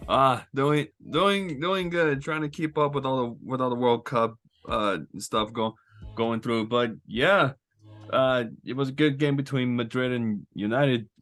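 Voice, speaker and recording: Halting male podcast co-host. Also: mid-range voice, fairly even intonation, fairly bright tone. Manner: halting, repeats words. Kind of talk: casual chat.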